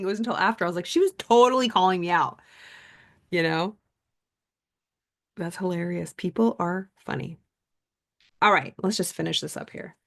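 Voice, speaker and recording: A woman coach reading a self-help book aloud, then chatting casually about it and telling stories with many fillers. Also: medium pitch.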